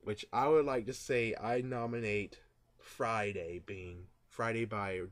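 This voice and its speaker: A man vlogging his casual, rambling thoughts on a movie, full of fillers and asides, who gets louder when retelling scenes. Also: lowish voice, fairly even intonation, takes it slowly. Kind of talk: casual movie reaction vlog.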